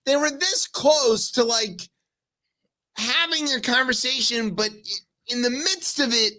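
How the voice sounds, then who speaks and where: A man hosting a comedic news talk show, telling stories excitedly with many restarts. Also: extremely high pitch, unhurried. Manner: excited storytelling full of restarts. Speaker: radio show host.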